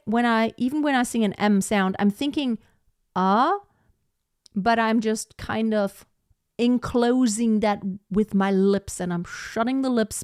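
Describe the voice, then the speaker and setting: A woman's voice: a little high, smooth, no echo, studio quality. A woman voice teacher giving a live singing lesson, explaining technique and breaking into short sung demonstrations.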